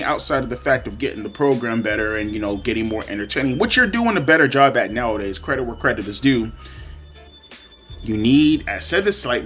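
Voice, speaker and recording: A man's voice: mid-range voice, fairly bright tone. A young man ranting in a wrestling commentary vlog, profane and repetitive, slipping into mocking voices. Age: young adult.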